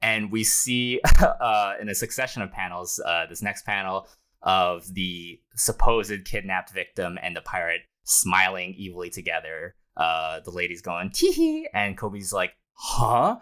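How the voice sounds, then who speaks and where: A man's voice: low voice, unhurried. A man co-hosting a podcast, recapping a manga chapter casually, laughing often and acting out the characters' lines. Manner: animated, laughs often, acts out panel dialogue. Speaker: podcast co-host.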